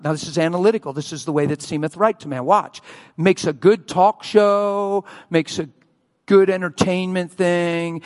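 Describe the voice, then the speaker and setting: A man preaching a sermon as a pastor, telling a story and acting out the quotes with loud cries. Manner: acts out quotes, shouting and wailing at high peaks. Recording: long hall reverb.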